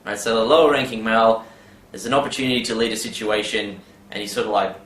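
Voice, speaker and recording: A man's voice: fairly low pitch, fairly even intonation, quick pace, fairly bright tone, a little hiss or hum. A man giving a casual advice monologue, rambling with many fillers and tag questions. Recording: roomy with faint background ambience.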